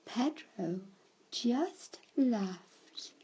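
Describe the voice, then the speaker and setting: A woman telling a children's story in a slow storybook manner, breaking into shouted cries for the characters. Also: on the high side, expressive, slightly rough, highs cut off.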